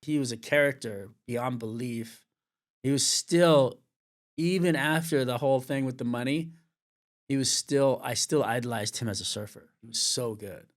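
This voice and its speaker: A middle-aged man from California telling a candid story in an interview, swearing freely and acting out the other people's lines with lively changes in his voice. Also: medium pitch, moderate pace. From Venice, California. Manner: swears freely, acts out quoted dialogue with lively shifts. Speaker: surf commentator, interview guest.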